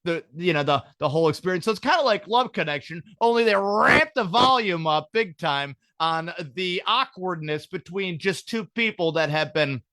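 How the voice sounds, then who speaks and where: A man's voice: sits high, expressive, normal speed, few pauses, bright, forceful tone, no echo. A man hosting a podcast, rambling through stories in casual comedic chat, swearing freely. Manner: profane, rambling storyteller. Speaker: podcast host.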